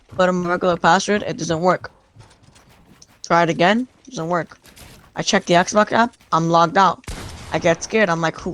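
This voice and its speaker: A young man casually telling a rambling, excited story over game voice chat, full of restarts and retold back-and-forth. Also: high voice. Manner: rambling, excited retelling with many restarts and "I'm like".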